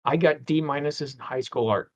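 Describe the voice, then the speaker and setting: A man's voice: fairly high pitch, moderate pace. A man in his fifties, a guest animator, chatting casually in an interview and rambling with many restarts. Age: 50s.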